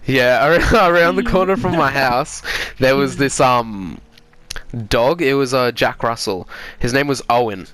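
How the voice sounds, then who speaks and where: A man's voice: mid-range voice, a little slow, a bit bright, smooth. An Australian man from Sydney telling a story in casual chat, swearing freely and laughing as he goes.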